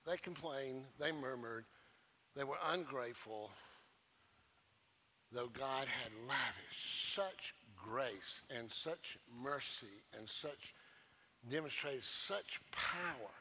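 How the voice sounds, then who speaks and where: A male pastor preaching a sermon, emphatic and repetitive, swinging from loud declarations to hushed low phrases. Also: expressive, takes it slowly, slight background noise.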